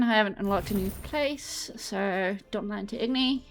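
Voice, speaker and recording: Bright-voiced English woman streaming while walking. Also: mid-range voice, a little slow, soft background music. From England. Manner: chatty, reads chat aloud and answers it; walking on a treadmill while talking. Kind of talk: casual livestream chat. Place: home, on a treadmill.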